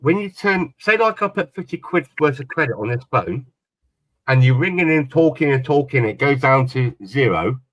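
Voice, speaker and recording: A man's voice: medium pitch, lively intonation, normal speed, fairly bright tone, no echo, rough recording. A man telling a long story in casual chat on a panel, rambling and repeating his words. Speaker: panel guest.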